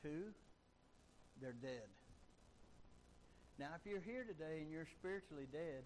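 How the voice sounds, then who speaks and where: A man's voice: fairly high pitch, expressive, measured pace, long pauses, darkish tone, slight background noise, rough recording. A man preaching a sermon emphatically, driving his points home with repeated rhetorical questions. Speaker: pastor.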